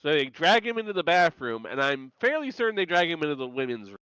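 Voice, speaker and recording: A man's voice: a little high, big pitch swings, fast, bright, forceful tone, clean tone, no room sound, rough recording. A man co-hosting a podcast, chatting casually about a TV episode, often repeating words as he jokes. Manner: stammers and repeats words, dry joking. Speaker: podcast co-host. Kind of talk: casual chat recapping a TV episode.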